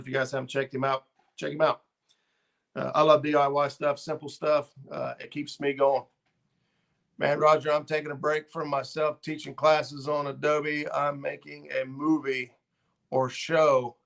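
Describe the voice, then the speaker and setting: A man's voice: on the high side, vocal fry, a bit bright. A middle-aged man hosting a fishing channel livestream, chatting casually and rambling with lots of ums and uhs as he reads viewer comments.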